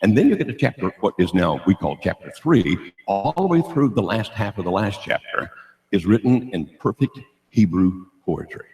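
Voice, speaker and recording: A man's voice: lowish voice, very animated, moderate pace, a little mellow. An older man giving a humorous sermon at a church, joking and asking the audience questions. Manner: jokey, asks the audience questions. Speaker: guest speaker at a church. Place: church auditorium. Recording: roomy church hall.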